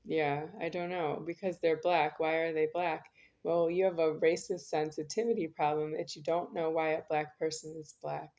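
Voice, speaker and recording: Woman rambling on and on, lower voice, keeps repeating herself, insistent. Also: little pitch movement, normal speed, darkish tone. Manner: insistent, circling back over the same phrases. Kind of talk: rambling spoken monologue.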